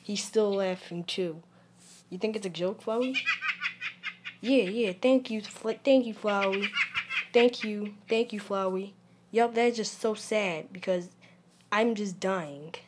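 A woman giving casual gameplay commentary, excitable and prone to yelps and shouts at the game, recorded with a phone screen recorder. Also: medium pitch, slow pace, noisy background. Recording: game music playing underneath.

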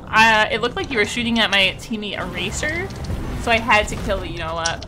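A woman's voice: medium pitch, expressive, moderate pace, over music. A woman with a Canadian accent streaming a game, chatting casually in a bubbly, giggly, apologetic way. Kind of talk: casual gameplay chat.

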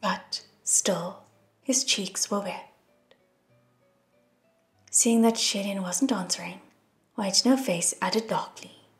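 A woman narrating an audiobook in an expressive, soft reading style. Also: medium pitch, takes it slowly, pauses often. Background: soft music.

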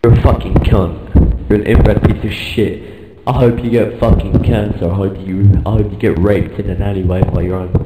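A man's voice: lowish voice, steady tone, moderate pace, reverberant, very noisy. A man with an Australian accent swearing and trading crude insults in game voice chat. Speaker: gamer in voice chat.

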